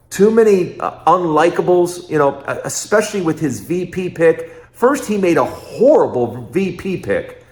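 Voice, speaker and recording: A man hosting his own political commentary show, talking emphatically and repeating phrases in quick rhetorical bursts. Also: a little high, roomy sound.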